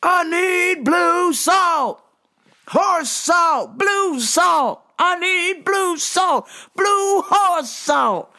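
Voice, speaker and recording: A woman voicing a loud, mumbling male customer who keeps shouting the same demand over and over. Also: very high voice, animated, very slow, voice pushed up, exaggerated voice. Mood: yelling. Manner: shouting, repetitive.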